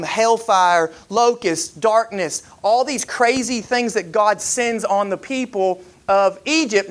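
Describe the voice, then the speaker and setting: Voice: medium pitch, fairly bright tone. A preacher giving a conversational sermon who retells scripture in plain modern speech, with frequent "you know" and "like" and repeated words.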